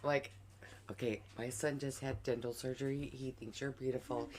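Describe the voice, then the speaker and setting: A woman's voice: a bass voice, fairly even intonation, fairly quick, a crowd in the background. A woman, a podcast co-host, tells a funny story with lots of swearing and acts out the voices. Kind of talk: animated casual storytelling.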